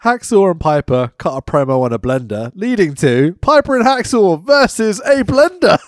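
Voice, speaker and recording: A man co-hosting a podcast in casual comedic chat, sarcastic and quick to laugh. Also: high-pitched, very animated, dry recording, clean studio sound. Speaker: podcast co-host.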